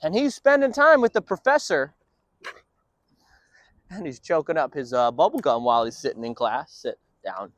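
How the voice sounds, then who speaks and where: A man's voice: on the high side, expressive, moderate pace, pauses often, no room sound. A man working as a dog trainer, explaining his training session in an upbeat way between short firm commands to a dog.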